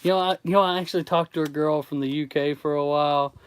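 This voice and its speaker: A man's voice: on the high side, fairly even intonation, fast talker, slight background noise. A man from Tennessee with a Southern accent, chatting casually with viewers on an art livestream, easygoing and rambling as he answers questions. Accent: Southern American. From Tennessee, USA. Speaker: artist streamer.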